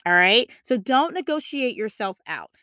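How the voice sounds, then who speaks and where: A woman's voice: on the high side, very animated, normal speed, pushed and bright, dry recording. Emphatic woman career coach, dry sound. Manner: emphatic, repeats key phrases, frequent tag questions. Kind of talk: motivational coaching talk.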